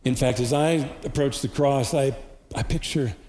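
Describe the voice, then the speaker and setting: A man giving a sermon as pastor, earnest, with slow emphatic repetitions. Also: medium pitch, darkish tone. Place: church hall. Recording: distant reverberant hall recording with faint noise.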